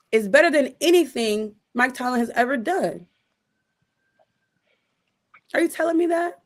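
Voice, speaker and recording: A woman with a somewhat high voice holds forth in a casual sports chat. She is emphatic and exasperated, restarting her sentences and firing the same question again and again. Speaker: sports podcast host.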